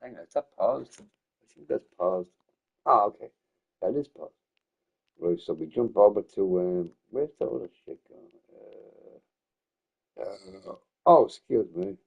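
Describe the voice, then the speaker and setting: A drunk man streaming games, rambling loosely, swearing often and repeating himself as he swings between loud outbursts and mumbling. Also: on the low side, lively intonation, unhurried, creaky, long pauses, husky, phone-quality sound. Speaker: gaming streamer. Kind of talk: rambling casual livestream chat.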